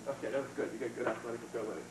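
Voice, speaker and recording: Racing along in a medium-pitched, fairly even voice, a karate instructor leads a hands-on seminar in a training hall, demonstrating moves casually and coaching with short praise. The audio comes from a noisy 1990s video with a distant mic and echoey acoustics.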